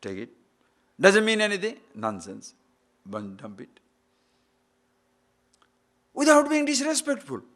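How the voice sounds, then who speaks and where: A middle-aged man with an Indian English accent, giving a spiritual lecture on scripture. He moves between loud emphasis and quiet asides, and laughs at his own jokes. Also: high voice, huge pitch swings, slow, long pauses. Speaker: spiritual teacher.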